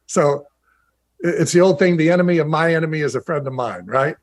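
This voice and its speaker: Over a video call, a man who went from playing to broadcasting for his team tells lively stories in a casual interview. He pitches a little high and tosses in quick asides as he goes.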